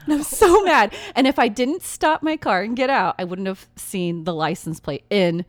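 A woman co-hosting a podcast, telling a story in a vivid, animated way during a casual chat at her co-host's house. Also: mid-range voice, normal speed, no echo. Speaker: podcast co-host.

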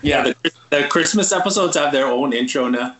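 A man co-hosting a podcast in casual chat, relaxed and measured. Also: fairly high pitch. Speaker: podcast co-host.

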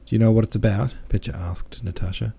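A man's voice: lowish voice, steady tone, quick pace, creaky, mellow, slightly rough. A man narrating a classic novel aloud, reading the dialogue with mild shifts in tone for each character. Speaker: audiobook narrator.

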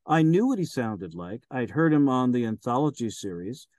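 A man's voice: mid-range voice, sing-song, moderate pace, a little mellow, dry recording. A man in a mid-range voice talks in a rambling, hesitant way and fills his sentences with ums and uhs. He is a casual interview guest who narrates audiobooks. The recording is dry and close, with no room sound. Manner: rambling, hesitant, many fillers.

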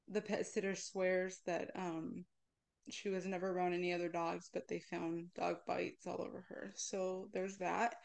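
Candid woman with a gravelly voice. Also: mid-range voice. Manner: candid, emotional, frank. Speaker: meeting speaker. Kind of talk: personal share at a support meeting. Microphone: video call.

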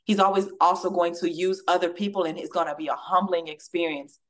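A woman guest on a podcast, telling a personal story in an animated way and acting out the dialogue. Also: on the low side, brisk. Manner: acts out quoted dialogue with lively shifts; emotional, testimonial tone.

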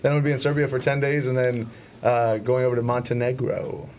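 A deep-voiced man from Central Florida with Cuban roots, a podcast guest chatting casually and laughing easily. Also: a little hiss or hum. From Cuban-American from Central Florida. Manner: quick, laughing, animated storyteller. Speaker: podcast guest, cigar maker. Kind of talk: casual chat.

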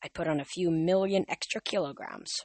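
A young man reading a novel aloud for his podcast in a casual, halting way. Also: fairly high pitch, dry recording. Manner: halting, with restarts and fillers. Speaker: podcast reader.

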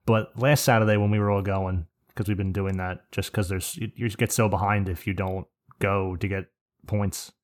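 A man's voice: fairly low pitch, little pitch movement, moderate pace. A man co-hosting a podcast in casual chat, profane and opinionated, going off on rants. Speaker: podcast co-host.

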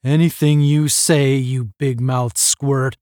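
Big gruff cadet, read by a man, blunt, pitch swinging, dry sound. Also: expressive, measured pace, a little mellow, no room sound. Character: big, blunt young male space cadet.

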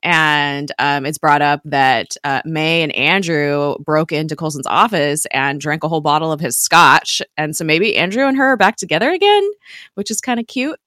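A woman with a low voice chats through a TV episode recap. She talks quickly and loosely, with plenty of fillers and small laughs. The sound is dry and close to the mic. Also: bright, forceful tone, dry recording. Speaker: podcast co-host recapping a TV episode. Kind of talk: casual chat.

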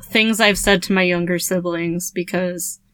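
A woman's voice: fairly low pitch, steady tone, measured pace, fairly bright tone, clean tone. A woman chatting as a podcast guest in a wry, playful way. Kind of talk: casual chat.

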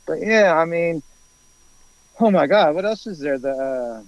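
A man telling a long story in casual chat, rambling with many fillers and lively quoted voices. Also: on the high side, unhurried, no room sound, highs cut off.

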